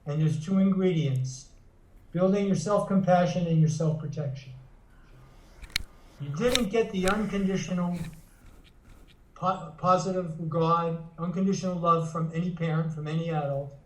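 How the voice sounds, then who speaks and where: Recorded from a distance in an echoey room, a male psychotherapist and author speaks at a moderate pace in a fairly high voice, explaining earnestly in an interview with a teaching tone and frequent restarts.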